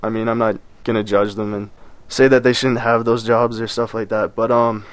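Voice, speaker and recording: A man's voice: on the low side, level tone, normal speed, clean tone, no echo. An eighteen-year-old young man interviewed as a guest, talking casually and modestly with laughs.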